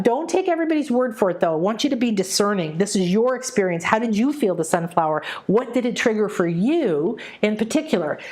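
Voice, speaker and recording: Middle-aged woman of mid pitch hosting a spiritual livestream; chatty, animated, with sudden excited rushes. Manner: animated, breaks into quick excited bursts and soft slow stretches. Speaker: spiritual teacher hosting a live session. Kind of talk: casual live-stream talk to viewers.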